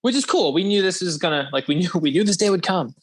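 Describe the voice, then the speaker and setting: Here a young podcast host rambles through a casual chat, swearing often and laughing a lot. He talks quickly in a high, husky, expressive voice.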